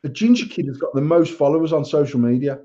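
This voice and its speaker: A man's voice: on the high side, quick pace, mellow. Blunt, sweary man ranting. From England. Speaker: podcast co-host. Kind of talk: casual chat. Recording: dull lo-fi sound.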